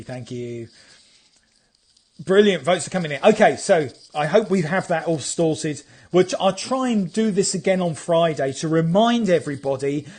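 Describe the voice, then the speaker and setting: A man's voice: a little high, a little mellow. A man hosting a live stream as a photographer, chatting casually and playfully while reading out viewer comments. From England.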